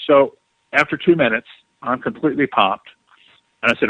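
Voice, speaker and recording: A man, a guest author, telling a story in an interview with animated delivery, acting out quotes. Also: mid-range voice, normal speed, dry recording, phone-quality sound.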